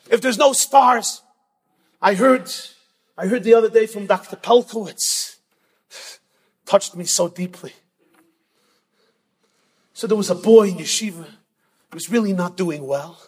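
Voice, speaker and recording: High husky male preacher in a hall. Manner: dramatic, emphatic, swings between loud and soft. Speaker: rabbi speaker at a yeshiva event. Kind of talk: sermon with storytelling. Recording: long reverb from a large hall.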